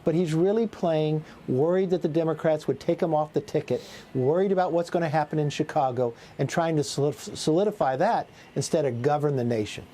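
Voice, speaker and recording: Assertive man with a mellow voice. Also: on the high side, fairly quick, few pauses, slight background noise. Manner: assertive, lists points, repeats words. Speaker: political guest. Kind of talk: cable news interview.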